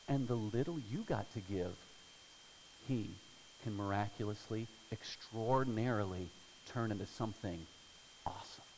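A man preaching a sermon, telling a story with dramatic swings between hushed and loud delivery. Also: on the low side. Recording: hall reverb with faint hum.

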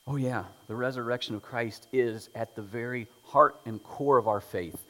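A man preaching an Easter sermon, moving between soft prayer and loud, emphatic points. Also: mid-range voice, normal speed, few pauses, slight background noise. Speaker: pastor. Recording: long reverb from a large room.

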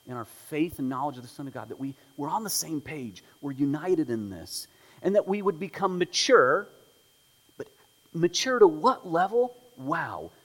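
A man's voice: medium pitch, in a large hall, low-quality recording. A man preaching a sermon as pastor of a church, praying and then explaining a text in a conversational way with humorous asides. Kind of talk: sermon with opening prayer. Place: church sanctuary.

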